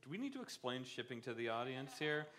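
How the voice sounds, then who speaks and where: Live podcast guest from Pittsburgh; bright, jokey man who rambles and laughs. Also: medium pitch, sing-song, quick pace. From Pittsburgh area, USA. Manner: joking, rambling, laughs often. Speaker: guest game developer. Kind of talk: live podcast chat on stage. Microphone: stage mic before live audience.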